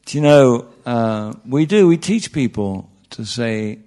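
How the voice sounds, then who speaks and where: A man's voice: mid-range voice, expressive, slow pace, mellow. A man teaching meditation to a live audience in an informal talk, chatty and wry, often restarting sentences and asking the room questions. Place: speaking in front of a room of listeners.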